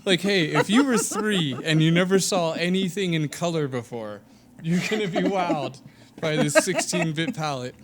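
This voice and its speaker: A man's voice: a little high, moderate pace, a crowd in the background. A middle-aged man co-hosting a casual chat, joking dryly and putting himself down. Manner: dry joking, self-deprecating. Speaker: podcast co-host.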